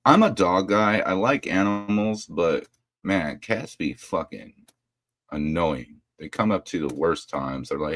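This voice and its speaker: A man's voice: sits low, animated, measured pace, fairly bright tone. A man hosting a casual livestream, talking bluntly and ranting with plenty of profanity. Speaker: livestream host.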